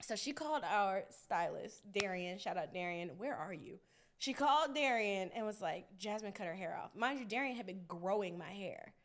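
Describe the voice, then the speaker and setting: A young woman hosting a podcast, telling a story in a casual, animated, profane way, often laughing. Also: mid-range voice, normal speed. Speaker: podcast host.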